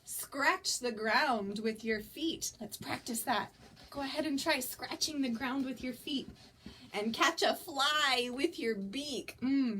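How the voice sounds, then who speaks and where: A young woman reads a picture book to toddlers in a high, lilting voice that swoops up and down, unhurried and coaxing. A faint hum of room noise sits under her voice. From United States. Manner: sing-song, animated, coaxing children to join in. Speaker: children's librarian. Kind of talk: toddler story time reading aloud.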